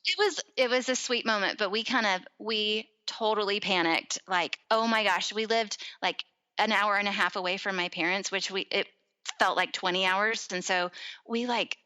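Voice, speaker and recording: A woman's voice: mid-range voice, moderate pace, lo-fi sound. A woman in her thirties, a podcast guest, telling a personal story in casual chat and acting out the quoted voices. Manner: animated, acts out quoted voices.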